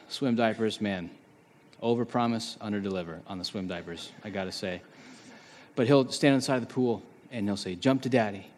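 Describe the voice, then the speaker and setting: Man preaching in an echoing hall. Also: lowish voice. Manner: conversational, animated preaching with dramatized quotes. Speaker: pastor. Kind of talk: sermon. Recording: long reverb of a large hall.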